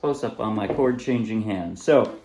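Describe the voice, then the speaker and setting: A man's voice: lowish voice, normal speed, over loud music. A man casually teaching a ukulele song, explaining chords and strums and singing short bits as he plays. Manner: relaxed, explains while playing, sings short snippets. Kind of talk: casual music tutorial. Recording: roomy echo, voice a bit far from mic, loud ukulele. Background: ukulele playing.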